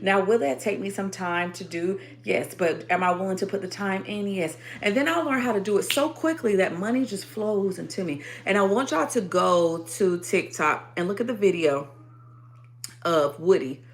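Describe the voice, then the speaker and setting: A woman's voice: medium pitch, moderate pace. A woman hosting a spiritual livestream sermon, speaking in with emphatic, repetitive affirmations and profanity.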